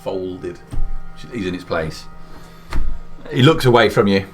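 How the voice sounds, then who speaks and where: A man runs a tabletop game as game master, narrating and trading jokes with his players. His pitch rises and falls a great deal. Faint music plays in the background. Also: a little slow. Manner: lively, joking.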